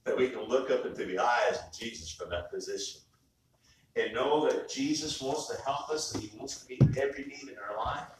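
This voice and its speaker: Captured by a distant mic in an echoey church sanctuary, a man delivers a sermon as pastor, talking briskly in a mid-range voice. His style is conversational, with frequent restarts mid-phrase. There's slight background noise.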